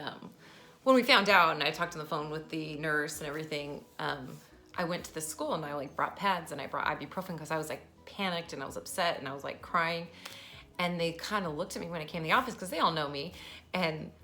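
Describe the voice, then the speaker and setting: Bright-voiced emotional mother vlogging. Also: sits low, brisk, soft background music. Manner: emotional, laughs often, animated storytelling. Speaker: mother of a special-needs daughter. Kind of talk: casual personal vlog talk.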